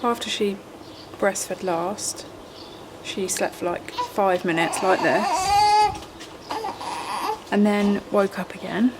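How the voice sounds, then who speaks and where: A young English woman, a first-time mum, chatting casually to camera at home, rambling and sometimes whispering. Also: medium pitch. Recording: noisy home recording.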